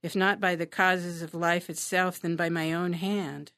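A woman's voice: lowish voice, fairly even intonation, measured pace, a bit bright, dry recording, clean studio sound. A woman reading aloud as a passionate, brooding young male poet, dramatic and impassioned.

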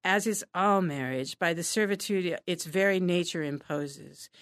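A woman's voice: on the low side, a little slow, a bit bright, no echo, clean studio sound. A woman reading as a brooding young male poet. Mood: impassioned. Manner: dramatic, impassioned reading.

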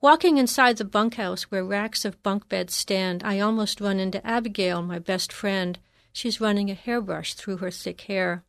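A woman narrating a first-person memoir in a measured, reflective reading. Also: mid-range voice, no echo, studio quality.

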